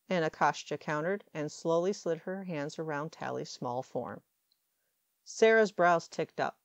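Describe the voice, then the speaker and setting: A woman reading fan fiction aloud as an audiobook, calm and measured. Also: on the low side, no echo. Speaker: audiobook reader.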